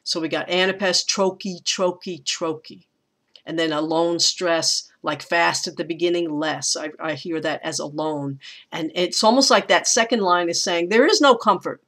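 A woman teacher giving a recorded lecture, talking in a thoughtful, unhurried way with frequent pauses and restarts. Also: on the low side, fairly bright tone.

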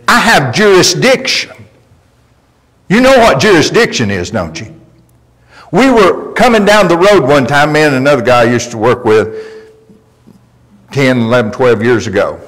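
A man's voice: a little high, lively intonation, normal speed, pauses often, a bit bright. A male pastor preaching a sermon, telling folksy stories with emphatic delivery. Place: church sanctuary. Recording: long reverb of a church hall.

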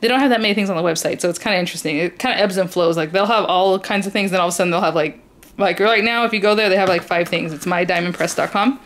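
A woman's voice: lowish voice, rapid-fire. A woman chatting casually while unboxing craft supplies, rambling and enthusiastic with lots of fillers. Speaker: crafting YouTuber.

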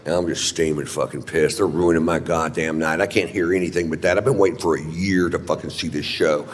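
A man performing a stand-up comedy set, telling a crude story in a gruff, deadpan way on a theater stage. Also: a bass voice, fairly quick. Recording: live hall with audience noise.

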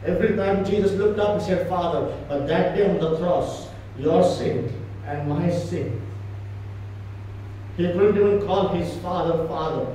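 Male preacher, high-pitched, emphatic and repetitive, recorded far off in an echoing church. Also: a little slow, dark tone, a little hiss or hum. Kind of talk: church sermon. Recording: echoey church hall from far off.

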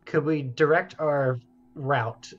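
A man playing a tabletop game, talking hesitantly and filling pauses with "like" and "um". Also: on the high side, highs cut off, soft background music. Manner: hesitant, full of "like" and "um". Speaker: player. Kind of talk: casual tabletop game play.

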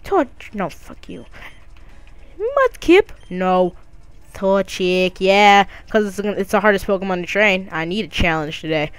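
A woman's voice: lowish voice, steady tone, moderate pace, clear, resonant tone, no room sound. A woman doing casual let's play commentary, joking around in a goofy, crude way. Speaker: gamer.

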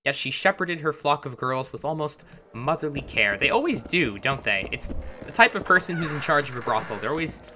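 A man's voice: on the high side, animated, brisk, a crowd in the background. A man hosting a let's play, chatting wryly over gameplay while getting over a chest cold. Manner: chatty, wry. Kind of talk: casual gameplay commentary. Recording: voice over game music.

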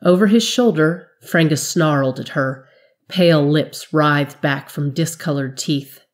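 A woman narrating a fantasy story in a measured, dramatic storytelling manner. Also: sits low. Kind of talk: scripted fiction narration.

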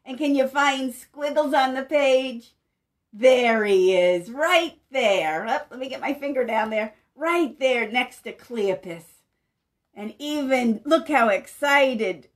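At a children's story time, a pastor reads a picture book to young kids in a bright, high voice. Her pace is relaxed and her lilt gentle and animated, and she pauses now and then to question the little listeners.

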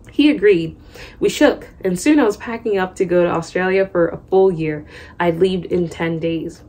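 A woman's voice: on the low side, moderate pace, dark tone. A young woman reading a memoir aloud at home, breaking off for chatty asides. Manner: chatty, loose asides between read passages. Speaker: book reader and vlogger. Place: home room.

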